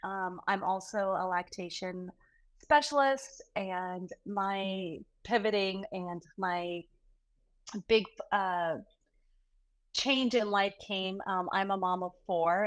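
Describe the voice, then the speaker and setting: A woman's voice: on the low side, low-quality recording. A woman neonatologist and mother of four, talking animatedly in a podcast interview and laughing often. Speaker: guest neonatologist. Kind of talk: conversational interview.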